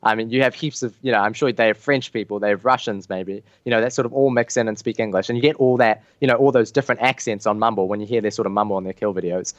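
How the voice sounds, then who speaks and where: Australian guy rambling fast, low voice, dry muffled call audio. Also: fairly even intonation, dry recording. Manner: rambling, many fillers. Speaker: guest raid leader. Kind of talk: casual interview chat.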